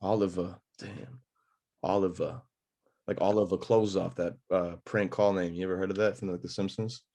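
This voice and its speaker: A young man hosts a podcast, chatting casually in a laid-back, slangy, joking manner. His voice sits low and mellow, with a steady tone and moderate pace.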